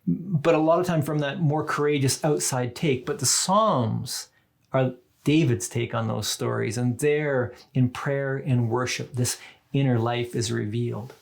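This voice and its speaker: A man's voice: medium pitch, a little slow, vocal fry. A man preaching a sermon in a reflective, conversational way, often turning to the listeners with asides. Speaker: pastor.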